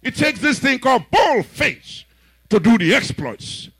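A man preaching a sermon who retells scenes dramatically and rises to shouts. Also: very high voice, big pitch swings, a little slow, slightly rough, no room sound. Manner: dramatic storytelling, acting out characters, shouting peaks.

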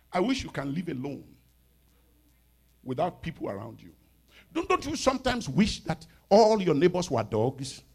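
A man in his fifties preaching a sermon as pastor, animated, with sudden shouts and soft asides. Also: fairly high pitch, unhurried, pauses often, husky. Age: 50s.

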